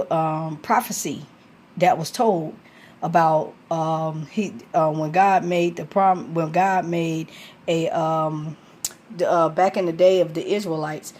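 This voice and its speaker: A woman's voice: sits low, a little mellow, slight background noise. A woman in casual late-night talk about scripture, rambling with many fillers and restarts.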